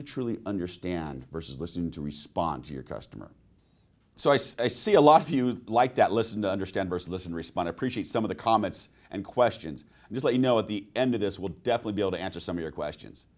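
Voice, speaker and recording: A sales trainer giving a webinar presentation, telling stories and asking the audience rhetorical questions. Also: male voice, lowish voice.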